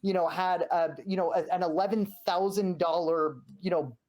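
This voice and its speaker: A man speaking as a podcast guest, telling an animated story full of acted-out quotes and frequent restarts. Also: high voice, moderate pace. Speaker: guest, former journalist. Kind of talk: heated podcast conversation.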